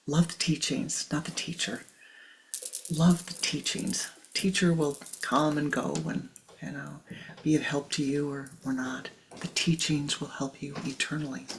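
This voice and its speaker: An older spiritual teacher giving a measured talk before a meditation, often dropping into a soft whisper. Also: medium pitch, a little hiss or hum, poor audio.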